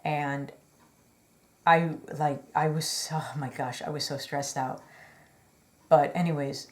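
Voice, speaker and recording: Chatty low-voiced woman telling her story. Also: fairly even intonation, takes it slowly, a little mellow. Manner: chatty, rambling, many fillers; earnest, apologetic asides. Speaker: vlogger. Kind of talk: personal storytelling.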